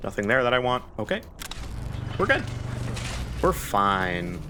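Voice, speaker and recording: A man's voice: on the low side, big pitch swings, unhurried, noisy background. A young man giving rambling, panicky commentary while playing a video game, talking to himself. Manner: panicky, rambling, self-talking with nervous laughs. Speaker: gaming YouTuber. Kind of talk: live gameplay commentary.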